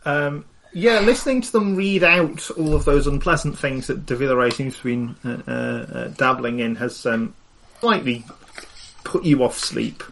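Halting, gravelly man as game master. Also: medium pitch, fairly bright tone, slight background noise. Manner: hesitant, many ums and uhs. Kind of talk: narrating a tabletop game.

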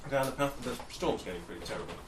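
A man's voice: mid-range voice, lively intonation, quick pace. A man running a tabletop game as game master, narrating with hesitant ums and an amused tone. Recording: echoey room, distant mic, noisy.

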